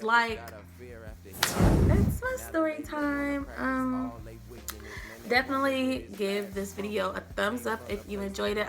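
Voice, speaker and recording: Young woman vlogger, dramatic storyteller, slightly high. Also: creaky. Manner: animated, dramatic, acts out quotes. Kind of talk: storytime vlog. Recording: faint background music.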